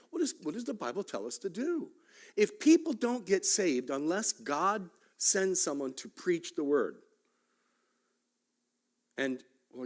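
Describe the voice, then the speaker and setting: Guy teaching sunday school, voice bounces up and down a lot, jokey asides, keeps asking "right?". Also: fairly high pitch. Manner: joking asides, frequent "right?" and "okay?". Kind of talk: conversational church teaching. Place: church Sunday school class.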